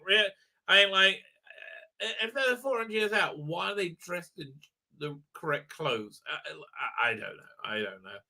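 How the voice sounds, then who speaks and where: A man's voice: fairly high pitch, gravelly, bright, forceful tone. A man hosting a livestream review, talking in a sarcastic, rambling way with lots of fillers and tag questions. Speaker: host, reviewer.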